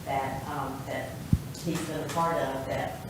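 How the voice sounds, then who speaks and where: A woman's voice: extremely low pitch, steady tone, a little slow, reverberant, heavy background noise. A woman, a state representative, presenting an award at a town council meeting, chatty and laughing between formal lines. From North Carolina.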